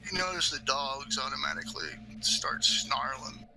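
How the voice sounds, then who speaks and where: A man narrating as game master of a tabletop game, in slow, loose narration with many fillers. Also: mid-range voice, wildly swooping pitch, background noise. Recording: faint background music.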